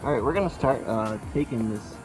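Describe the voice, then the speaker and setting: A sailboat vlogger narrates his own boat repair outdoors beneath the hull, joking, wisecracking and talking to himself as he works, filmed on a handheld phone. His mid-range voice is a little fast, heard over music in a low-quality recording.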